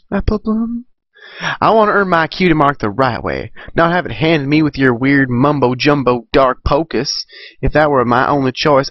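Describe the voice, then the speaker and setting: A man's voice: medium pitch, no echo, highs cut off, close to an everyday voice. A man voicing a stubborn young farm mare with a Southern US drawl.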